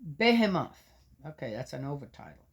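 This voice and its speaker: Woman, low-ish voice, scripture reader who argues with the text, loud readings, muttered asides. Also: big pitch swings, normal speed, husky. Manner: interrupts herself with doubting, argumentative remarks. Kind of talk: reading aloud with skeptical asides.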